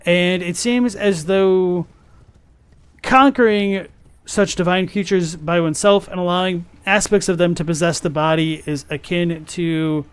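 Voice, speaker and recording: A man's voice: high-pitched, fairly even intonation, measured pace, clear, resonant tone. A man streaming a game, chatting casually about its lore and thinking aloud as he plays. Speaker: gaming streamer. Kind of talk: casual gameplay commentary with lore talk.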